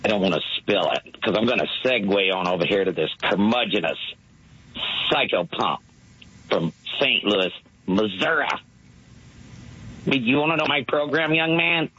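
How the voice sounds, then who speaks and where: A man's voice: on the low side, expressive, moderate pace, pauses often, pushed and bright, husky. A man calling in to a sports radio show with a long mocking rant. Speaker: caller. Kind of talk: rant call-in. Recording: muffled phone-in audio.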